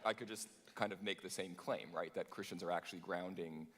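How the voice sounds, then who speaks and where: A man, a humanist, debating on stage in front of a live audience; he questions his opponent in sudden quick bursts. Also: low voice, slight background noise. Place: large conference hall on stage. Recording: long hall reverb.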